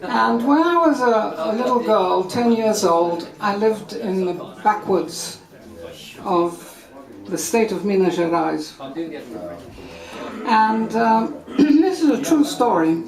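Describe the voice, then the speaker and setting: A woman's voice: mid-range voice, takes it slowly, gravelly, crowd noise. Wry woman telling a true story. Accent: somewhat English. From Brazil. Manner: wry, animated, amused. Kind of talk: live storytelling. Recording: echoey room with audience.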